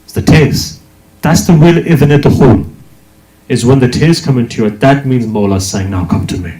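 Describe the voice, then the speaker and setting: A man's voice: medium pitch, expressive, moderate pace, warm tone. A man preaching a religious sermon, speaking emphatically and asking rhetorical questions. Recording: echoey hall.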